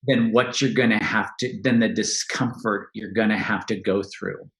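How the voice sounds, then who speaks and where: A man's voice: lowish voice, steady tone, normal speed, fairly bright tone, reverberant. A man speaking as a podcast guest, talking candidly and reflectively about his own life, often restarting and laughing. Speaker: podcast guest, money coach. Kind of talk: casual interview talk.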